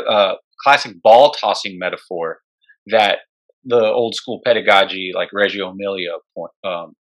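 A man's voice: on the low side, a bit bright. A man co-hosting an education podcast, speaking directly and emphatically in casual conversation, sometimes bluntly.

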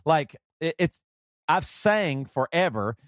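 A man with a Southern accent chats on a podcast in a rambling, excitable way, laughing often. His voice sits fairly high for a man. The sound is close and dry, with no room around it. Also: takes it slowly, dry recording. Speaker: podcast host. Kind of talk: casual chat.

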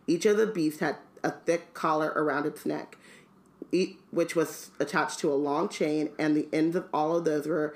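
A woman's voice: sits low, fairly even intonation, normal speed. A woman reading a book aloud on a podcast with casual asides and filler ums. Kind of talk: casual book read-along chat. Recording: roomy echo.

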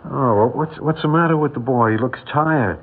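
A man's voice: medium pitch, moderate pace, husky. An actor in his forties playing a shy, kindly bachelor who owns a filling station, talking hesitantly and stammering in an old radio drama. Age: 40s. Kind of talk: 1950s radio drama acting. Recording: tinny old radio broadcast.

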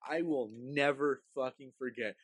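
A man's voice: medium pitch, unhurried, breathy edge, dry recording. A man telling a story in a casual, profane chat, acting out his parents and his younger self with animation.

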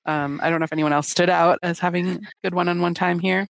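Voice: mid-range voice, steady tone, a little fast, creaky, fairly bright tone, no echo. A podcast host in casual recap chat, explaining and prompting the other speakers.

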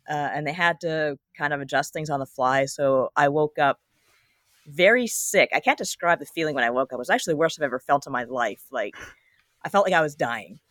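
A woman's voice: low voice, fairly bright tone, no echo, clean studio sound. A woman co-hosting a podcast, telling a personal story in casual chat with wry, joking asides. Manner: storytelling with wry humor and laughs. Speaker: podcast co-host.

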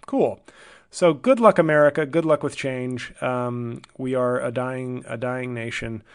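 Man, comedian podcast host, solo monologue, rambling, sardonic, self-deprecating, mid-pitched voice. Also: measured pace, smooth.

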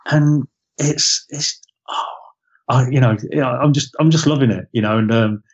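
A man of middle pitch co-hosts a football podcast in easy casual chat. He speaks haltingly, with plenty of fillers, on a dull, lo-fi recording. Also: slightly rough. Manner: hesitant, many fillers, laughs easily. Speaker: podcast co-host.

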